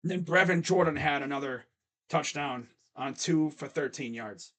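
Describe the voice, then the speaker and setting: A man's voice: a little high, moderate pace, a bit bright. A young man casually recapping football stats and picks, chatty with mocking asides. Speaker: sports picks host.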